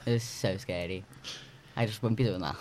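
Man, rapid, emphatic, lots of "like", low voice, faint room noise. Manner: emphatic, filler-heavy with "like". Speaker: discussion participant. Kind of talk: casual group chat.

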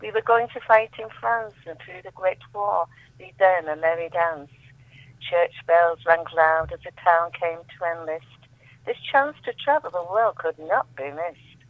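Calling in to a radio show as a guest, a woman reads her own poetry with emotion, her repeated refrains rising each time. Her voice is fairly low and measured, carried over a tinny, dry phone line with no echo.

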